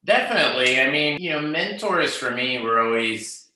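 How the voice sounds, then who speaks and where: A middle-aged man chatting casually as a guest, loose and relaxed, with stammering restarts. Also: mid-range voice, normal speed. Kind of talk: casual chat. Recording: roomy echo.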